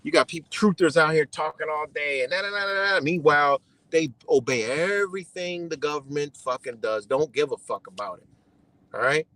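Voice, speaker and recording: A man's voice: a little high, moderate pace, bright, forceful tone, no room sound, low-quality recording. A man ranting on a live stream in a heated, profane way, repeating his points and tagging them with "you know". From United States. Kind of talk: casual rant on a live stream.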